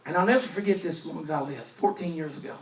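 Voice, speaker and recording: A male evangelist, preaching a storytelling sermon and swinging from loud emphasis to hushed asides, recorded in a church. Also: on the high side, fast talker. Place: church sanctuary. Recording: roomy church recording from a distance.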